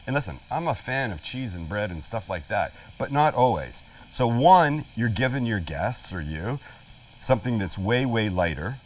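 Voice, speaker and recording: Speaking in a sing-song voice on the low side at a moderate pace, a middle-aged cooking show host chats and cracks jokes while walking viewers through a casual demo. He's cooking on a flat-top grill in an outdoor kitchen, somewhat distant from the mic, with a faint sizzle from the food.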